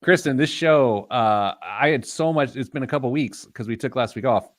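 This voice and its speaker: A man's voice: mid-range voice, normal speed, no room sound. A man hosting a casual radio show, telling jokey stories on a studio mic. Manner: animated storyteller, jokey. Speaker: host.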